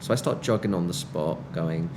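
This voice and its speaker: A man's voice: sits low, normal speed, noisy background. A British man, a musician guest in a casual interview, telling stories with wry, self-mocking humor.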